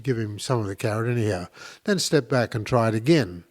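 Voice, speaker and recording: A man with a lowish voice and lively intonation speaks briskly as a podcast host. He explains things in a casual, instructional way, enthusiastic and rambling, full of fillers and restarts.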